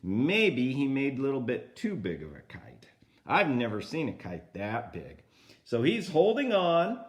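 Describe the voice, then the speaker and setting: An older man reading a picture book aloud to a grandchild, pausing to point at the pictures and comment on them. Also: medium pitch, wildly swooping pitch.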